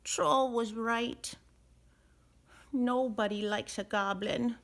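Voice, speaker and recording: Lady putting on a high little goblin guy, timid and earnest, storybook read-aloud. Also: steady tone, slow, gravelly. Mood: glum.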